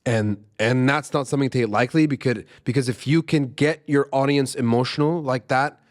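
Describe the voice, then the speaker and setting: A young man talks through a music reaction in a casual, animated way. His voice sits at a middling pitch, and he repeats his points emphatically as his excitement builds. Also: normal speed. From Arab world. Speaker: music reaction channel host.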